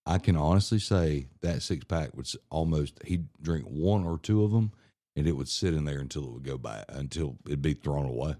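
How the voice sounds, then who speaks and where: Man, very low pitch, mellow dark tone, profane casual storytelling, podcast chat. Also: animated, normal speed, dry recording, clean studio sound. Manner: profane, laughing storyteller acting out family quotes. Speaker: podcast co-host.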